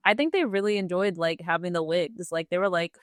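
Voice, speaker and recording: A young woman co-hosting a podcast, chatting casually and relaxed, with lots of "like" fillers. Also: on the low side, brisk, no echo, studio quality. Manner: relaxed, says "like" often. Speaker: podcast co-host. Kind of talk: casual chat.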